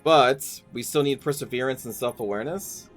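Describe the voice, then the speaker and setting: A man's voice: mid-range voice, moderate pace, faint music behind. A young man casually commenting while streaming a game, joking playfully as he goes. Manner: playful, jokey asides.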